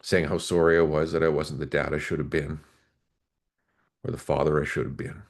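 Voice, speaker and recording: A man's voice: extremely low pitch, little pitch movement, brisk. A man in his forties, a former police officer, earnestly recounting an emotional personal story as a podcast guest.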